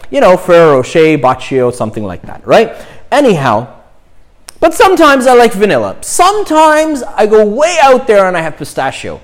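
A man's voice: high voice, wildly swooping pitch, moderate pace. A man, a young priest, giving an informal, chatty talk on prayer, often checking in with "right?" and "you know".

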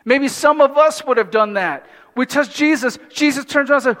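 A man preaching a sermon in an animated way, with humorous asides and acted-out voices from the story. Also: extremely high pitch, brisk. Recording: long hall reverb.

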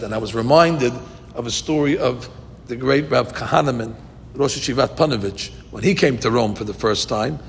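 Male Torah teacher, mid-pitched, lively storyteller; large echoing hall with faint rumble. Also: vocal fry. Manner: lively storyteller, rises to quote Hebrew verses. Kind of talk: Talmud class with storytelling. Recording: long reverb with faint rumble.

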